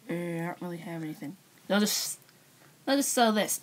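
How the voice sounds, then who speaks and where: A woman improvising plush-toy play acting, bossy and teasing, swinging from loud orders to mumbles. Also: medium pitch, animated, fairly quick.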